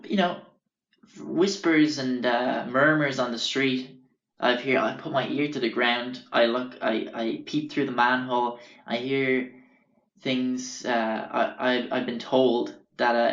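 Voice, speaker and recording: A man's voice: medium pitch, roomy sound, muffled recording. An Irish man hosting a podcast, telling stories in a rambling, casual way and swearing freely. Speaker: podcast host. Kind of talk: casual storytelling.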